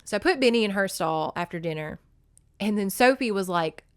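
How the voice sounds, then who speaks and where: Brief: young woman podcast host, mid-pitch, blunt and profane storyteller, dry close mic. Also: lively intonation, brisk, smooth, no room sound. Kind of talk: casual storytelling chat.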